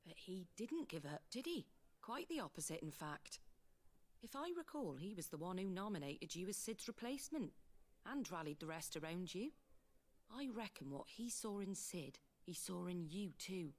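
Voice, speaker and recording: Wry, shrewd moneylender. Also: female voice, lowish voice, very animated, normal speed. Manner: wry and chatty. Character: shrewd, folksy female moneylender. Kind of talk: game voice acting.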